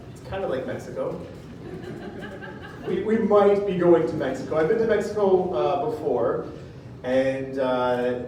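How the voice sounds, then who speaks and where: A man doing a stand-up comedy set, rambling and self-deprecating, with filler pauses. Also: on the high side, dark tone, very echoey, far from the mic, slight background noise.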